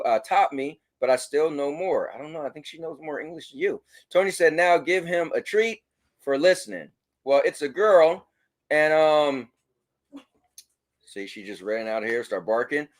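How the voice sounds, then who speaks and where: A man hosting a casual livestream, reading chat messages aloud and giving shout-outs. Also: on the high side, moderate pace. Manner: animated, talks to his dog. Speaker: livestream host.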